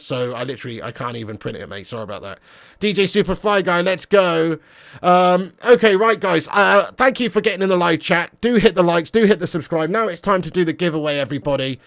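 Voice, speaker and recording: A man hosting a football fan livestream, reading viewer comments with excitable, teasing banter. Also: on the high side. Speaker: football fan channel streamer. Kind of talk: live stream chat, reading viewer comments.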